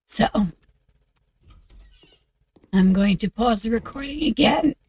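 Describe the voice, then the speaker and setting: A woman's voice: fairly high pitch, expressive, slow pace, darkish tone, slightly rough. A woman with a slightly off, coughing voice, casually talking through her game and muttering to herself as she works. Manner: muttering to herself while working. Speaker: video game creator. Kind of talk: casual gameplay commentary.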